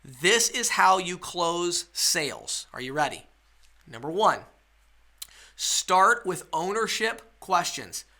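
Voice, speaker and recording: A man's voice: high voice, big pitch swings, slow, sharp tone. A man teaching a webinar sales lesson, coaching his listeners and checking in with rhetorical questions. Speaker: sales trainer.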